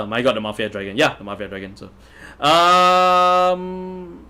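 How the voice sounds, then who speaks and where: A man with a fairly high, bright, smooth voice and a forceful tone speaks slowly as he hosts a casual livestream. He reads the chat and answers viewers chattily, chuckling often.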